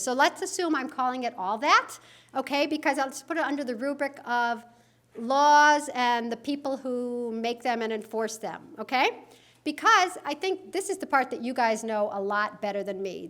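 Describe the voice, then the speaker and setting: High bright-voiced woman on stage, sarcastic and animated, cracks herself up. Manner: animated, sarcastic, laughs at own jokes. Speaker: conference speaker. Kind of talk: conference talk. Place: conference hall.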